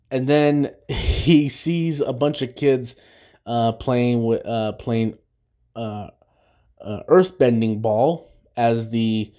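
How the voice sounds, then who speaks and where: A man's voice: mid-range voice, mellow. A young man hosting a podcast, recapping an episode in a rambling, casual way, full of fillers and restarts. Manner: rambling, many fillers and restarts, laughs at his own jokes. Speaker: podcast host.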